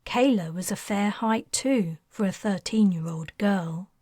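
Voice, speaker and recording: A woman author narrating her own science fiction audiobook in a steady, even reading. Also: mid-range voice, measured pace, slightly rough, no room sound, clean studio sound.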